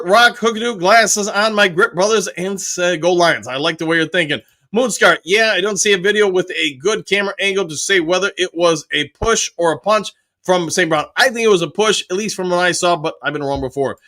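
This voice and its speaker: Bright-voiced man reading chat. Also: sits high, fairly quick. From United States. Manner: reads viewer comments aloud and answers briefly. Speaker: host reading live chat. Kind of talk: casual live-stream chat.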